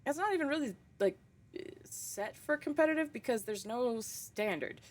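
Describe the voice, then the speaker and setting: A woman's voice: on the high side, expressive, moderate pace. A young woman streaming a horror game, chatting casually with viewers, laughing often and swearing freely. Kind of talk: casual live-stream chat.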